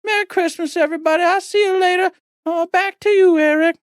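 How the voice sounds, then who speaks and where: A man's voice: extremely high pitch, steady tone, fairly quick, dry recording, voice pushed up. A man putting on the voice of a chatty, grumbling male Christmas elf who rambles in a folksy, pleading way during a comic podcast bit. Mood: fired up. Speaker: podcast host.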